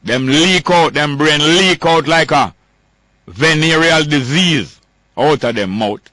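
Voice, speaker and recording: A man's voice: on the high side, slow, bright, forceful tone, no echo. A man with a Jamaican accent giving political commentary as a talk host, ranting emphatically and repeating his points.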